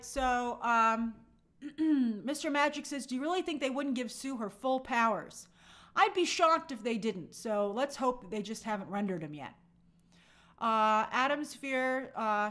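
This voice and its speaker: Female live-stream host, slightly high pitch, casual and conversational, thinks aloud with fillers. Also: unhurried, a bit bright. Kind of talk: live-stream chat reading viewer comments.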